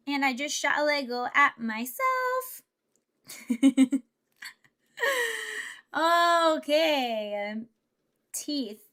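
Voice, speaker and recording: A woman's voice: high-pitched, sharp tone. A young woman VTuber chatting playfully with her live chat while she builds a Lego set. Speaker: VTuber streamer.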